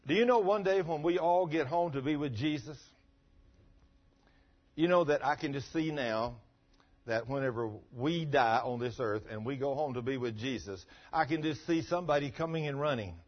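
Husky preacher. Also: male voice, fairly high pitch, moderate pace. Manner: folksy, emphatic preaching with swings from loud to quiet. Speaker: pastor. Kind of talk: sermon. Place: church. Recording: dull lo-fi sermon recording.

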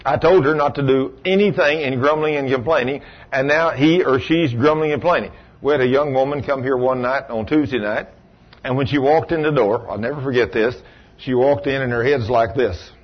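A man's voice: medium pitch, a little fast, dull audio. A man preaching a folksy sermon as pastor, asking his congregation rhetorical questions.

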